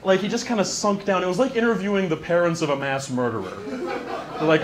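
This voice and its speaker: A man doing a stand-up comedy monologue into a handheld microphone in a small venue, wry and deadpan with quick asides. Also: high voice, a crowd in the background.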